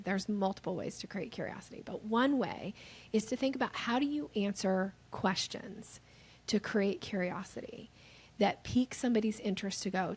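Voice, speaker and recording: A woman guest on a podcast explaining sales techniques, lively and animated, acting out the voices of the people she quotes. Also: medium pitch, gravelly, slightly rough.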